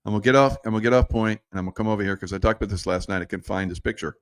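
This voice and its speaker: Casual male commentator, slightly low voice, digressive and chuckling. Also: very fast, smooth, no echo. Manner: rambling, digressive, laughs at own jokes.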